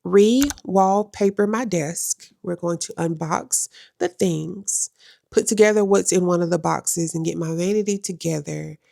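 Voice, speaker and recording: A woman's voice: on the low side, unhurried, gravelly, darkish tone, dry recording, clean studio sound. A young adult woman vlogging at home, talking to the camera in a casual, emphatic way and repeating phrases for effect. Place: at home in her room.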